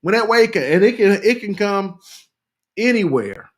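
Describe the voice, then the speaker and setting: High-voiced man giving a rousing talk. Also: lively intonation, moderate pace. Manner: repetitive, rousing, addresses listeners as "y'all". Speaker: grief speaker hosting a live talk. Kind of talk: impassioned talk, reading viewer comments.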